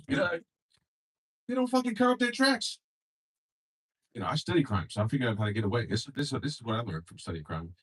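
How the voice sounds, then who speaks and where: Young man, stand-up comedian, husky, lively pitch, profane, jumps into character voices. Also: quick pace, pauses often, far from the mic. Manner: loose, profane, acts out characters in shifting voices. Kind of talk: stand-up set.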